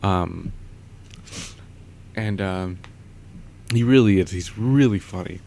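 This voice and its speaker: A man's voice: sits low, slow pace, vocal fry, mellow. A young man vlogging, telling a rambling story in a casual way with lots of fillers and frequent chuckles.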